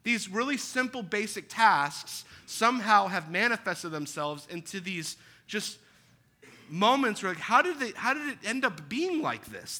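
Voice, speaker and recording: Bright, high-voiced male pastor preaching. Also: very animated, measured pace. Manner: conversational storytelling with acted quotes. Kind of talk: sermon. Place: church auditorium.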